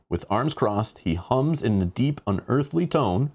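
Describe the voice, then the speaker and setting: A man hosts a board game playthrough, reading the rules aloud and rambling about them with exasperation. His voice is medium-pitched, animated and darkish, at a normal speed.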